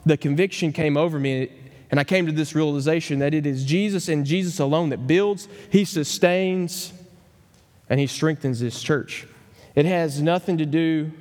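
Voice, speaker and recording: A man preaching a sermon as pastor, earnest and emphatic, slowing down to stress key phrases. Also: a little high, darkish tone, big-room sound. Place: church sanctuary.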